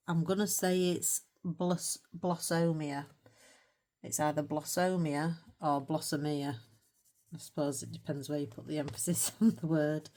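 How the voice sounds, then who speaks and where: A woman's voice: low voice, darkish tone. A middle-aged British woman chatting casually as she colours, rambling and self-mocking, with little laughs between thoughts. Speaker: colouring channel host. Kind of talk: casual chat while colouring.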